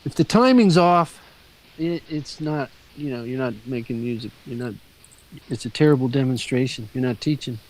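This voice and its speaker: A man's voice: mid-range voice, moderate pace, darkish tone, low-quality recording. A man in casual chat, telling loose stories, swearing offhandedly and trailing off.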